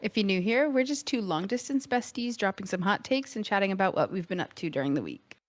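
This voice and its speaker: A woman's voice: medium pitch, animated, brisk, dry recording. A woman co-hosting a podcast, chatting casually in a playful, teasing way. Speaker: podcast co-host. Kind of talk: casual chat.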